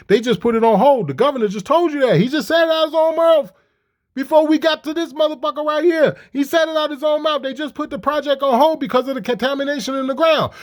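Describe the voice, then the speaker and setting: A man with a high voice rants in heated, profane commentary. He mocks his targets with one rhetorical question after another. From Chicago. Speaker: commentator reacting to clips.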